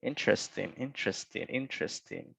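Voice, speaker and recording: A man's voice: fairly low pitch, animated, fairly quick, vocal fry, fairly bright tone, husky, no echo. A male English teacher running an online class, switching between Spanish and English and encouragingly reading out students' answers. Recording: dull, muffled online-class audio.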